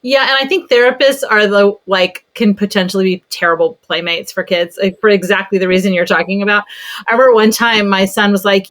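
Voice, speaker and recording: A woman pediatric therapist telling a story in a casual podcast conversation, animated and chatty. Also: medium pitch, a little fast.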